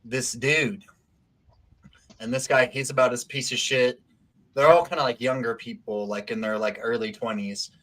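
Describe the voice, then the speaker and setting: A man's voice: medium pitch, moderate pace. A man casually telling a wild story on a talk stream, swearing a lot and acting out what people said. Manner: profane, animated, acts out quotes.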